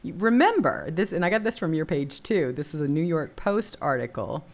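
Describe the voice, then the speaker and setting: Low-voiced, sarcastic woman host. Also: sing-song, moderate pace, a little mellow. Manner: dry, sarcastic. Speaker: talk show host. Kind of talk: casual political chat, reading quotes aloud.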